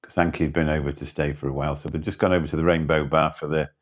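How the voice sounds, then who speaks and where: A man's voice: very deep voice, level tone, very fast. A British man hosting a livestream, chatting casually and rambling as he greets viewers in the chat. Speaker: livestream host.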